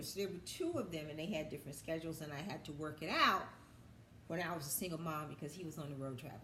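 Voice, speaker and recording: Low-voiced woman, co-hosting in an echoey room. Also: fast talker, pushed and bright, slight background noise. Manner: chimes in with short summarizing remarks. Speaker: co-host. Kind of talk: casual advice chat. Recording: roomy echo, faint ambience.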